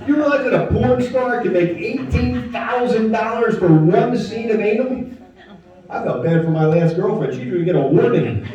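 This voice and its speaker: A man in his fifties doing a stand-up comedy set in a lodge hall, delivering deadpan one-liners with quick asides. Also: high-pitched, faint music behind. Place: lodge hall with live audience. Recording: muffled, echoey hall, mic far off, crowd laughing.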